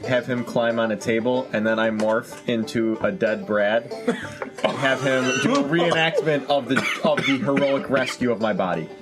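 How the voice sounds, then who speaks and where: A young man describing his moves in a tabletop game, halting and groping for words. Plucked guitar music plays clearly behind his mid-pitched voice. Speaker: player. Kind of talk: casual play.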